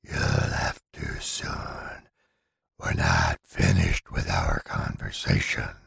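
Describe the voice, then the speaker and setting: A man voicing a menacing, tall shadowy entity that speaks in a deep, breathy half-whisper and talks slowly and ominously in a dry, close recording. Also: animated, a bit bright, dry recording, heavily acted. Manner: slow, ominous. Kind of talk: dramatic storytelling narration.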